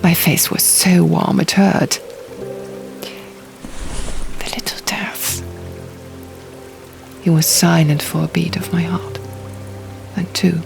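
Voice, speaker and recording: A woman narrating an audiobook in the first person, speaking slowly in a soft, breathy half-whisper. Her voice has a gravelly edge, and music plays behind her. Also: lowish voice, level tone.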